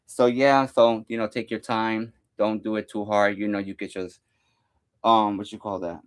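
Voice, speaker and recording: A young man walks through his home workout in a loose, rambling way, full of fillers. His voice sits slightly low, and he counts each rep out loud as he goes, sometimes a little winded. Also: flat delivery, unhurried. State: out of breath at times. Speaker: fitness vlogger. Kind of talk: casual workout demonstration.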